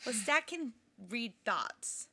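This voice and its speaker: A woman's voice: fairly high pitch, expressive, takes it slowly, pushed and bright, slightly rough. A woman co-hosting a podcast, chatting casually about a book and its film, laughing often and trailing off mid-sentence. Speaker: podcast co-host.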